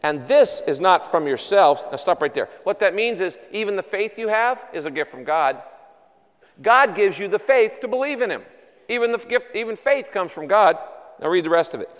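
A man's voice: sits high, expressive, moderate pace. A man preaching a sermon, conversational and emphatic, acting out the people he quotes. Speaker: pastor. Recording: long hall reverb.

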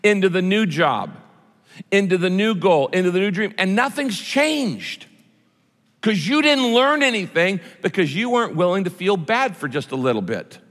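Male pastor, emphatic and repetitive sermon delivery, lively pitch, hall reverb. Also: normal speed.

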